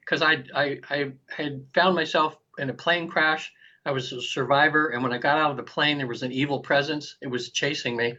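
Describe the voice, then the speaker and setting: A man in his sixties, an interview guest telling a personal story in an animated way, acting out quoted lines and often restarting his sentences. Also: medium pitch. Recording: dull lo-fi recording.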